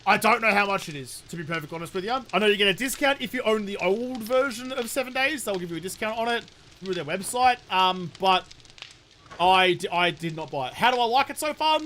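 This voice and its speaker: Bright-voiced Aussie streamer, chatty and sweary. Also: male voice, high-pitched, animated, fairly quick, slight background noise. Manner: chatty, swears freely, reads out chat questions and answers them. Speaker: game streamer. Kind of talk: casual live-stream chat while gaming.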